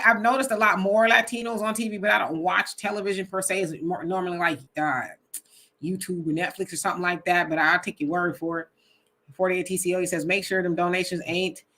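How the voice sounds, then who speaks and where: A woman hosting a casual live stream, reading viewer comments aloud, animated and laughing often. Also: lowish voice. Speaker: host reading live chat.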